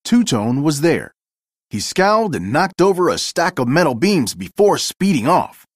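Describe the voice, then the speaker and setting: A man reading a children's storybook aloud, his voice sitting a bit high and swinging widely in pitch. He tells the story in a clear, expressive way. The recording is close and dry. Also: normal speed, no echo. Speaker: narrator.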